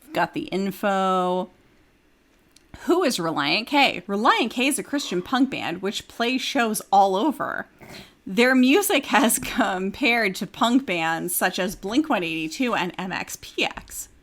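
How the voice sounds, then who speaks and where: A woman's voice: mid-range voice, animated, measured pace, a bit bright. A woman podcast host reading a review aloud in a casual chat, now and then breaking into giggles.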